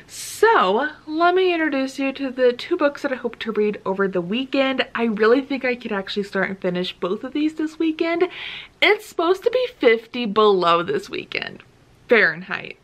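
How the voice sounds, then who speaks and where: Gushing, excitable woman. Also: a little high. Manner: gushing and excitable, many "like" fillers. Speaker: book vlogger. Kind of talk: casual vlog chat.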